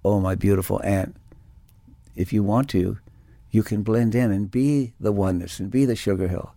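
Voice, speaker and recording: A man's voice: on the low side, moderate pace, gravelly, dark tone, no echo. A man voicing a tender, soothing divine voice that speaks to an ant in a parable.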